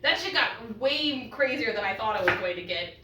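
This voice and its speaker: A woman's voice: a little high, lively intonation, normal speed, far from the mic, background noise. A young woman vlogging casually while she cooks in her home kitchen, joking and swearing freely, her eyes teary from cutting an onion. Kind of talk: casual chat while cooking. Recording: echoey room, mic set back.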